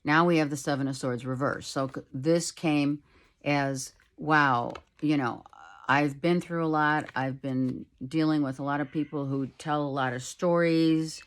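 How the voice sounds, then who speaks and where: A middle-aged woman giving a casual tarot reading at home, talking softly and rambling, with many fillers. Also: low voice. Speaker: tarot reader. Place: home, with a child heard in the background.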